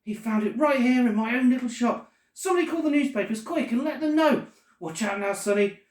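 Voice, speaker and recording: Brief: woman playing a frantic shopkeeper man, shrieking high, wildly up and down, echoey and distant. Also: animated, brisk, lightly acted. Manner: yelling, frantic. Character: excitable shouting male shopkeeper, overjoyed. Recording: echoey room, far from the mic.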